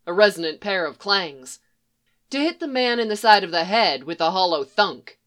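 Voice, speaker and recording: A woman narrating a fan fiction story in a steady, even storytelling manner. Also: mid-range voice, normal speed. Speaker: fanfic audiobook reader. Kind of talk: scripted narration.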